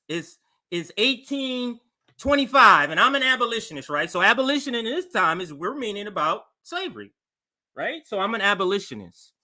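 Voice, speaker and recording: A man with a high, very bright and sharp voice co-hosts a political talk show. He argues emphatically, building analogies and firing rhetorical questions at his partner. His tone stays forceful and pointed. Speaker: political podcast co-host.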